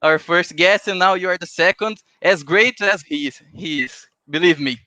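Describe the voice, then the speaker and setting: A man's voice: sits high, moderate pace, bright, forceful tone, no echo. A man who hosts a podcast interview in English, friendly and laughing often. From Brazil. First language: Portuguese. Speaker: podcast host. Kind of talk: casual interview.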